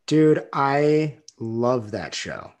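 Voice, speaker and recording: A man hosts a casual podcast chat at a middle pitch. He thinks aloud as he talks, searching for words and leaning on lots of fillers. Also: big pitch swings, very slow, a little mellow.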